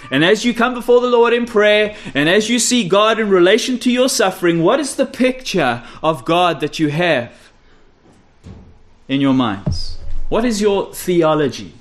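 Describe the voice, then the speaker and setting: Emphatic preacher, a man with a higher voice. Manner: emphatic, repeats key phrases, drops low and quiet for stress; asks the audience rhetorical questions. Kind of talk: expository sermon.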